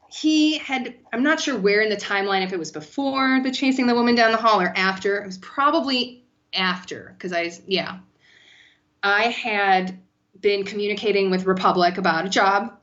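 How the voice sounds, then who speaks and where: Woman guest, mid pitch, chatty storyteller with a lot of swearing, slightly muffled sound. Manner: animated, profane, lots of "like". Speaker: podcast guest. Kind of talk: casual storytelling.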